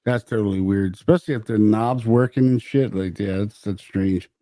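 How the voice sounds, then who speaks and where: A man co-hosting a podcast in casual chat, a profane and animated storyteller who acts out his own reactions. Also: fairly low pitch, moderate pace, dry recording. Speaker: podcast co-host.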